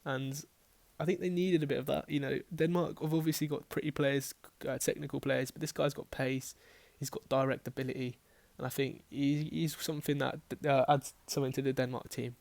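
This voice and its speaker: A man's voice: medium pitch, level tone, brisk, gravelly, hardly any pauses, a little mellow. A man casually talking through his fantasy football team picks, rambling and correcting himself as he goes. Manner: chatty, rambling, self-correcting, swears casually. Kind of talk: casual team-selection talk.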